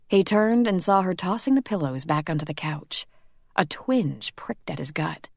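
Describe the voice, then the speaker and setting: A woman narrating a romance audiobook in a slow, measured, intimate reading. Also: fairly low pitch, animated, no room sound, studio quality.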